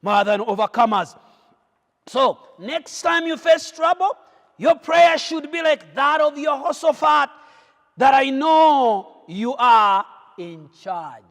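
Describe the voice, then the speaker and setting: A man preaching a sermon, fervent, swinging between shouted lines and quiet ones. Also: very high voice, slow. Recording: long hall reverb.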